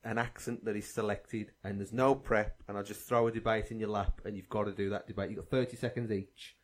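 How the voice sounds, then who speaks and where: A man's voice: on the low side, level tone. A man hosting a podcast, chatting casually and often breaking into laughter. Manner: laughs often, runs quick-fire games. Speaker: podcast host. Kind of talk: casual chat.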